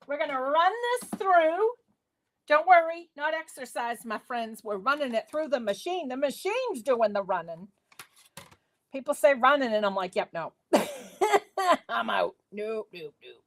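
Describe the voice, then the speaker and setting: A woman hosting a live crafting tutorial from her home craft space, chatting playfully with viewers as she works. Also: sits high. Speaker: craft demo host.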